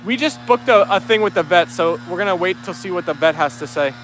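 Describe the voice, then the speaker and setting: Quick and animated, a man with a high-pitched, fairly bright voice reads viewer comments aloud on an outdoor dog livestream he's hosting. He's upbeat and easygoing, and a little hiss or hum runs under the audio.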